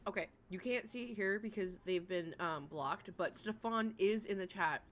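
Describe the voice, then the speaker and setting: A woman streamer chatting casually with her live chat, talking in a loose way full of likes and quick laughs. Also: mid-range voice, fairly bright tone, a little hiss or hum. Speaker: streamer reacting to a livestream.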